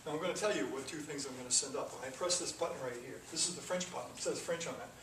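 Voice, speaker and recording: A man's voice: fairly high pitch, very fast, fairly bright tone. A man teaching a classroom coding lesson, talking through the code step by step with casual asides. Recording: echoey classroom from far off with noise.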